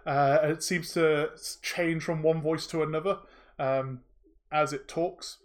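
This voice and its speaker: A man narrating as game master, halting and full of fillers. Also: on the high side, fairly even intonation.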